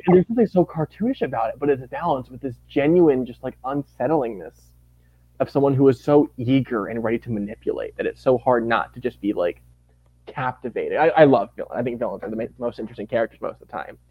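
Animated man gushing in casual chat. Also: medium pitch, quick pace, slightly rough, no echo, narrow, tinny audio. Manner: animated, gushing, acts out quotes. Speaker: podcast guest.

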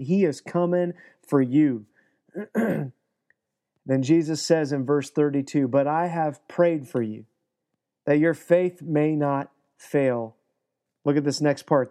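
A man's voice: on the high side, mellow. A man preaching a sermon, earnest, briefly acting out the people in the scripture story. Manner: earnest, acts out quoted dialogue. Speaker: pastor.

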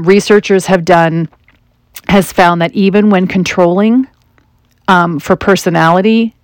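Low-voiced woman giving a motivational talk. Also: dry recording, clean studio sound. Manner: conversational, with animated quoted asides. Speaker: self-help speaker.

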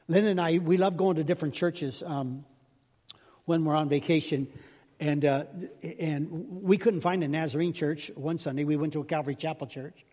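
A man's voice: fairly high pitch, steady tone, moderate pace, dark tone. An older man preaching as a pastor, chatty and self-deprecating, telling folksy jokes in a sermon. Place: church sanctuary. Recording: reverberant church hall.

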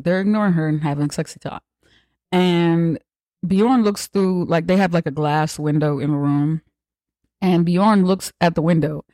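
A podcast host recapping a film in a loose, profane, storytelling way, dropping into quick voices for the characters. The voice is mellow and warm, and it sits close and dry with no room sound around it. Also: mid-range voice, no echo. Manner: acts out characters' lines mid-story.

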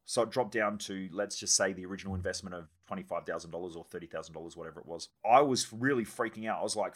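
A male podcast host talks fast in a low-pitched voice through a casual solo monologue. He is candid and swears freely, and he acts out his own past reactions as he tells a personal story. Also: fairly bright tone.

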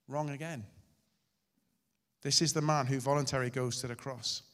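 Male pastor, sermon, dramatic swings from forceful to hushed, long hall reverb. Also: mid-range voice, steady tone, normal speed, long pauses. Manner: dramatic, shifting loud and soft.

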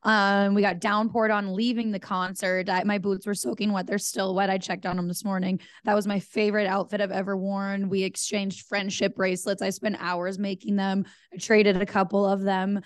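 A woman co-host with a hoarse, scratchy voice, telling stories in an animated rush. Her voice stays mid-pitched, and the sound is dry and close. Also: moderate pace, few pauses, dry recording. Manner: animated storyteller. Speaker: podcast co-host. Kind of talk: casual podcast chat. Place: remote from an ice arena.

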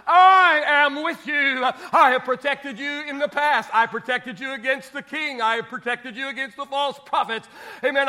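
A male preacher voicing God as He gently chides a despairing prophet with insistent rhetorical questions. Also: extremely high pitch.

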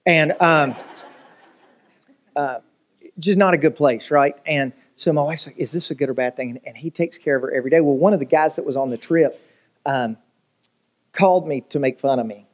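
Preaching at a moderate pace and pausing often, a male pastor spins his sermon into a lively story. He cracks jokes, asks the congregation rhetorical questions, and speaks slightly higher than the typical man.

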